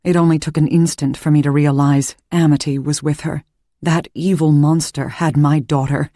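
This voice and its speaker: A woman reading a first-person suspense audiobook in a measured, calm storytelling voice. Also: low-pitched, no room sound, studio quality. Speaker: audiobook narrator.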